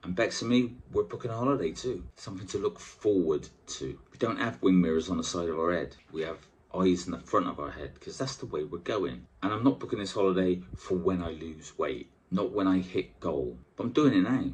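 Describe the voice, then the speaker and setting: A man in a casual motivational vlog, coaching on weight loss in a blunt, sweary, animated way. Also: low voice, brisk, few pauses.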